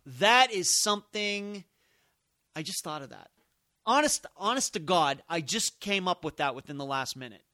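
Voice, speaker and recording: A man's voice: high-pitched, sharp tone, no room sound, clean studio sound. A man hosting a solo podcast, thinking aloud in emphatic, musing commentary. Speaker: podcast host.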